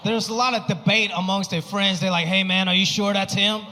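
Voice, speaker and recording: A man with a fairly high voice performs stand-up on a comedy stage. His delivery is animated, and he jumps his pitch around to act out the people in his stories. The sound carries a long hall reverb and clear crowd noise behind it. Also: brisk. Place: comedy stage before a live audience.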